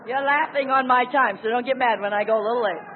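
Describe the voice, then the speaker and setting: A woman preaching a sermon, emphatic, swinging from loud exclamations to hushed asides. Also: fairly high pitch, fast, crowd noise. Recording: tinny phone-like sound with faint noise.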